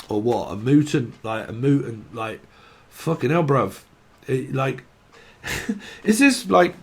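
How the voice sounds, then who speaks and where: A man's voice: medium pitch, breathy edge. A man giving a rambling, comic tarot reading, swearing freely and acting out silly scenes. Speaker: tarot reader.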